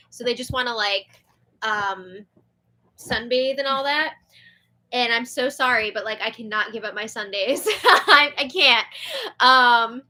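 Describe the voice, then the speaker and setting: A woman's voice: on the high side, sharp tone. A young woman hosting a livestream and reading viewer comments in a chatty, giggly way, with a sore throat. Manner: chatty, giggly, filler-heavy. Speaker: show host.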